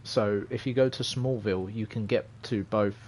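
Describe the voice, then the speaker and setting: A man's voice: lowish voice, steady tone, normal speed, darkish tone, a little hiss or hum. A young man casually commenting on a driving game as he streams live, rambling and hesitant, chatting with viewers. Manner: rambling, hesitant, chatty, reads chat aloud. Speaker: gaming streamer.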